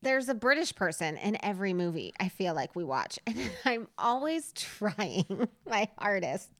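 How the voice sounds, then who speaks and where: A woman's voice: mid-range voice, big pitch swings, unhurried, no room sound. Woman co-host, casual and giggly, drifts mid-thought; dry, close recording. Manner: giggly, rambling, trails off. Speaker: podcast co-host. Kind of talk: casual chat.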